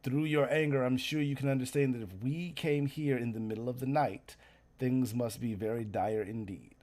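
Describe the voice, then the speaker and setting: A man voicing a composed female mage who speaks in a calm, measured, formal way, in a tabletop game. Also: mid-range voice, lightly acted. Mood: grave.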